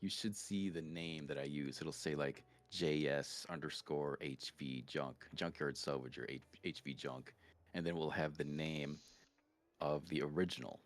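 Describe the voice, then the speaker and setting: Very deep-voiced man on a call. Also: steady tone, a little slow. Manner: thoughtful, explains in detail. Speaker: game mod creator, guest on voice call. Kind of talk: casual chat.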